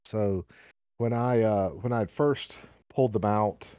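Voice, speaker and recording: Low, mellow-voiced Southern man rambling. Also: clear, resonant tone, no echo, studio quality. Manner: rambling, halting with many fillers and restarts. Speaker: podcast co-host. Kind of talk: casual podcast chat.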